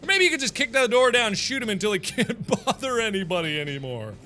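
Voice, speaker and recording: Animated man reading a text game. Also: very high-pitched, fast, slight background noise. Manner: animated, joking. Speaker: let's play host.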